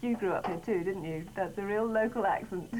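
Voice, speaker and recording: A woman's voice: mid-range voice, brisk, a little mellow, a little hiss or hum, lightly acted, rough recording. An actress playing an eager woman who has just moved to the country, in a scripted language-course drama. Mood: chatty. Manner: eager, gushing, persuasive. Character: enthusiastic young woman newly moved to the country.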